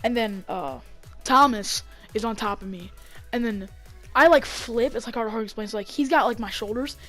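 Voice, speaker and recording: A woman telling a story in a casual vlog, rambling with lots of fillers and getting excited as she acts it out on a desk mic. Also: on the high side, normal speed, soft background music. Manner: rambling, heavy on fillers, gets excited acting out the fight. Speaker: vlogger.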